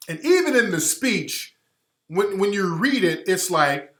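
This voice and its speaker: Emphatic male radio host, lively pitch. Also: unhurried. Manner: emphatic, repetitive, blunt. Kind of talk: impassioned monologue. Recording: roomy echo.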